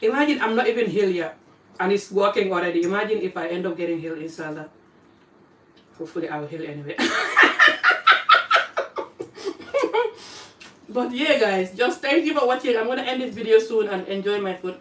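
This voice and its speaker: An African woman vlogging casually while eating, chatting in an animated way and jumping from topic to topic. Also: mid-range voice, quick pace, a little hiss or hum. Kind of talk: casual live-stream chat while eating. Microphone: phone camera pointed away from her. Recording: roomy phone audio from a distance.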